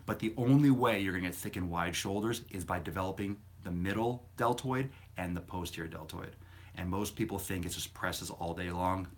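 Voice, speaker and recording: Deep-voiced blunt fitness streamer. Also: male voice, normal speed. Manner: rambling, blunt and profane, answering viewer questions. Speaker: fitness livestream host. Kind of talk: casual live-stream chat.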